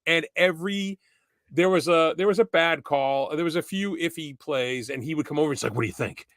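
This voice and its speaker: A young man with a bright, forceful voice telling a rambling story on a hockey podcast. He talks in a loose, casual way and raises his voice when he acts out the people he quotes. The sound is dry and close, with no room around it. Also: a little high, a little fast, no room sound. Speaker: podcast co-host.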